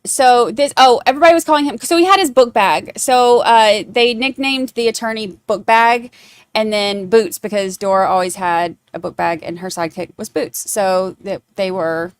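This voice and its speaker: A woman's voice: mid-range voice, normal speed, clean tone, no echo, studio quality. A woman hosting a true crime podcast, rambling in casual chat with many fillers. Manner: chatty, rambling, lots of fillers.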